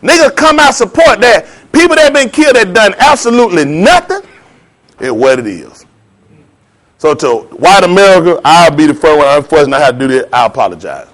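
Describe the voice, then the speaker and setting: A man delivering a heated, preachy monologue in slangy street talk, swinging between loud jabs and low asides. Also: big pitch swings, brisk. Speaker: vlogger. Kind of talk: ranting commentary monologue.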